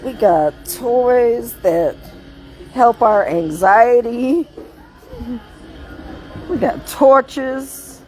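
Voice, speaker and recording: A woman, chatting excitedly in a casual vlog while walking through a large store, laughing often. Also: on the high side, very slow, long pauses, faint music behind, low-quality recording. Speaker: vlogger. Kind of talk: casual shopping vlog chat.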